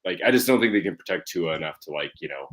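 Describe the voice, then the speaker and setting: A man on a panel giving relaxed, slightly hesitant betting picks in a casual chat. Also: sits low, quick pace.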